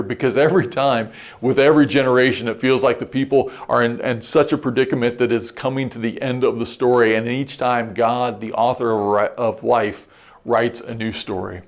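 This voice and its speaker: Earnest middle-aged male pastor preaching. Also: mid-range voice. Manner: earnest, reflective storytelling with repeated restarts. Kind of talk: sermon.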